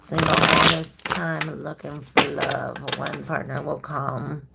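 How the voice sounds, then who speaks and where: A woman's voice: low voice, flat delivery, slow, vocal fry, heavy background noise. A woman doing a casual tarot reading, chatty and loose, swearing freely and drawing out her phrases as she reads the cards. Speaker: tarot reader.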